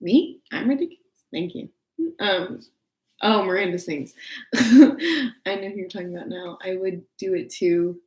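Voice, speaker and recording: A young woman with a Texan drawl chats loosely on a home crafting livestream, full of fillers, restarts and giggles. Her voice sits a little low. The room around her is echoey. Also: moderate pace, pauses often, a little mellow. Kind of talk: casual livestream chat. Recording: roomy home echo.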